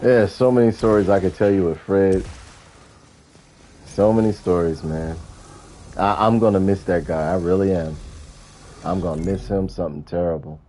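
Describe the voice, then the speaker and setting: A man hosting a gaming video, telling stories in a casual, animated, profane way. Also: sits low, moderate pace, long pauses, slight background noise. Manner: animated, profane, chuckling storyteller. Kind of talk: casual storytelling during gameplay.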